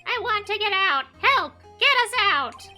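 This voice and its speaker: A woman voicing a terrified young boy trapped in the dark, shouting and pleading in panic for a game. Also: very high-pitched, expressive, measured pace, soft background music, pitched above the performer's own voice, full character voice. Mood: panicked.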